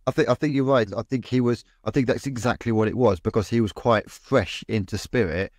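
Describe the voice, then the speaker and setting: A man who co-hosts a podcast and works as a medium tells a story in casual chat, rambling with lots of restarts and repeated words. His medium-pitched voice is fairly quick and a little mellow, captured with clean, echo-free studio sound.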